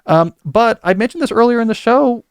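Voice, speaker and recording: A man's voice: very high voice, animated, brisk, smooth, no room sound, clean studio sound. A man hosting a podcast, talking through a casual book review in a rambling, conversational way with asides. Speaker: podcast host.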